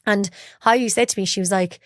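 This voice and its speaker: Her voice is mid-range and fairly quick, with fairly even intonation, captured in a studio-quality podcast recording free of room sound. The young woman confides her story openly in this candid interview, voicing what people told her.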